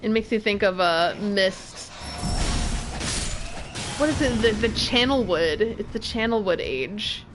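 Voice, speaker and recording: A woman's voice: medium pitch, animated, slow pace, long pauses, noisy background. A woman streamer chatting casually while playing a video game at home and talking to her cat. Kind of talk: casual gameplay commentary. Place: home room.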